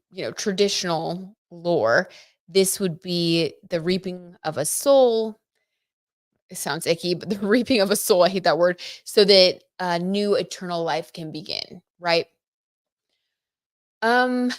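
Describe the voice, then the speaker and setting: A woman with a fairly low voice hosts a casual tarot livestream, chatty and giggling as she speaks right to her viewers. It's a dry recording with clean studio sound.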